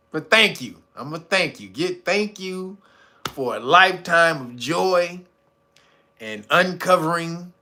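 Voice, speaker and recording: A man in his forties holds a casual monologue, animated and profane, laughing often between points. His voice sounds bright and forceful, and he speaks in an unhurried way. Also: on the high side. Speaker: channel host.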